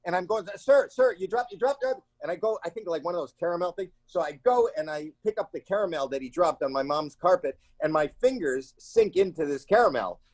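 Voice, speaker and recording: A comedian guest in an interview, telling stories in an animated way and acting out the people in them with sudden shrill cries. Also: male voice, a little fast, few pauses, no echo. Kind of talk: animated storytelling in a casual interview. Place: home.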